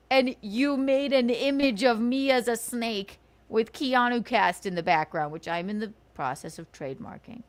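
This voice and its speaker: Slow, lively-voiced woman ranting. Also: on the high side. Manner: sarcastic, swearing, giggly. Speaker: livestream host. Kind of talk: casual livestream rant.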